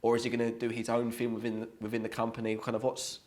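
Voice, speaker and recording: Quick-talking podcast host. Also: male voice, medium pitch, completely flat delivery, darkish tone. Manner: quick, chatty, asks follow-up questions. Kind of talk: casual podcast interview.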